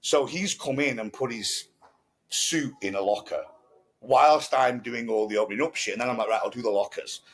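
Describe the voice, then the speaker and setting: Blunt, husky-voiced man. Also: medium pitch, normal speed. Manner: blunt, frequent swearing, storytelling. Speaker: podcast co-host. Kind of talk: casual conversation.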